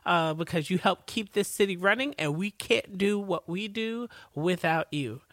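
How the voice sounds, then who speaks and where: A woman co-hosting a podcast, reading show announcements in a halting way with many fillers. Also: fairly low pitch, no room sound, studio quality. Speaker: podcast co-host.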